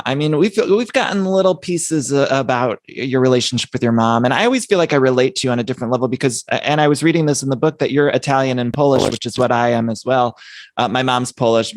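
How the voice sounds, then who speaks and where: A man's voice: medium pitch, no room sound, clean studio sound. A young man hosting a podcast, asking eager, chatty questions. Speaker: podcast host. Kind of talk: casual podcast interview.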